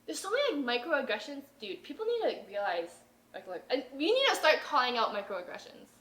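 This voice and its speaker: A woman's voice: high-pitched, big pitch swings, fairly quick, fairly bright tone. A young woman hosting a podcast in casual chat, telling stories with a lot of energy, swearing freely and acting out what other people said. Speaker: podcast host. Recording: roomy echo.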